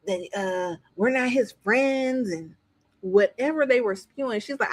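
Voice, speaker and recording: A woman's voice: fairly high pitch, unhurried. A woman reviewing a reality TV show in casual commentary. She speaks bluntly, swears freely and acts out what the cast said. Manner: animated, acts out what others said.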